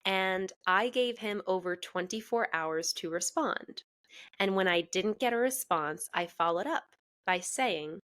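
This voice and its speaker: A young woman speaks into a podcast microphone at a medium pitch, telling her story with lively, unfiltered energy. She swears freely and laughs through the tale. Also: unhurried. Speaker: podcast co-host. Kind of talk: casual storytelling chat.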